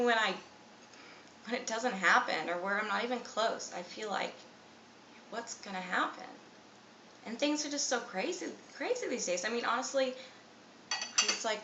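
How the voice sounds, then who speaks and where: A woman's voice: mid-range voice, a bit bright. A woman in her twenties talking anxiously and self-critically in a rambling confessional vlog, full of fillers. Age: 20s. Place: room at home. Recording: echoey room, mic at a distance, faint ambient noise.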